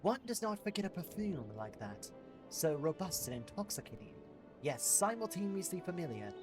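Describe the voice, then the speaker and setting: A man's voice: high-pitched, very animated. A man reading a courtly game character. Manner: formal, unhurried dialogue reading. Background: game music.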